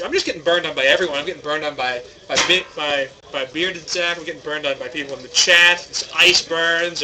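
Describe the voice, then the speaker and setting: A young man with a very bright, forceful voice chats loosely on a tournament stream, rambling and poking fun at himself. His pitch sits a little high. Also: poor audio. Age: young adult. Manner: joking, rambling, self-deprecating. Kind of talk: casual chat.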